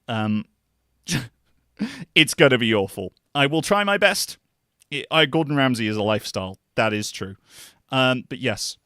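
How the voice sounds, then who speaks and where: A man's voice: mid-range voice, fairly bright tone, no echo, studio quality. Joking, chatty male streamer. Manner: joking, self-deprecating, chatty with viewers. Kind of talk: casual game-stream chat. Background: game music.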